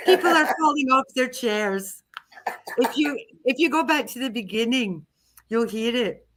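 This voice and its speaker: A woman's voice: on the high side, expressive, normal speed, background noise. A woman co-hosting a live stream who reads a comic meditation aloud, then chats casually, laughing often and swearing freely. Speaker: co-host of a live psychic development stream.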